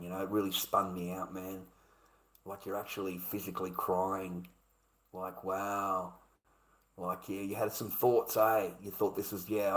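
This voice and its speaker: A man's voice: fairly low pitch, pushed and bright, echoey room, poor audio. A man telling a rambling personal story, full of slang and calling the listener mate and bro. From Australia.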